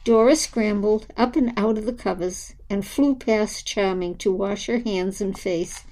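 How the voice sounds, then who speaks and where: A woman reads a children's story aloud with a gentle, unhurried delivery. Her voice is mellow and soft at the edges, pitched in an ordinary middle range. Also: low-quality recording. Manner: slow, gentle storybook reading. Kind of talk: scripted narration of a children's story.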